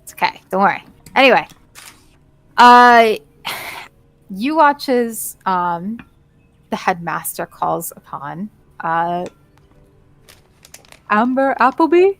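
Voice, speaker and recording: A woman's voice: mid-range voice, slow pace, gravelly, long pauses, a bit bright, no room sound, soft background music, low-quality recording. A woman running a tabletop role-playing game as game master, narrating casually with fillers and frequent laughs.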